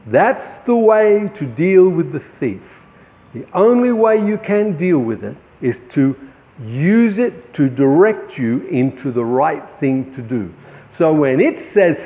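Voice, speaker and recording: A man's voice: a little high, sing-song, slow pace. A man, a painter, giving an encouraging motivational talk to fellow artists, calling them friends. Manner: encouraging, addresses viewers as friends. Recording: echoey, tinny phone-like sound.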